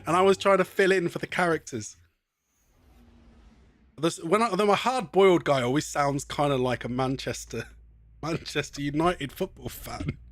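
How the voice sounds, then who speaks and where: A man's voice: a little high, moderate pace, no room sound. A man streaming a video game, chatting in a rambling way and often laughing. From half Scottish. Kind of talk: live game stream commentary.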